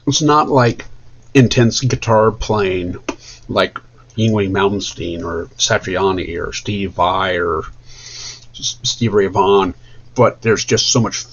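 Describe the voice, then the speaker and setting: A man's voice: low voice, slow pace, slightly rough, highs cut off. A man streaming casually while he draws, chatting in an enthusiastic, rambling way. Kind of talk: casual chat while drawing.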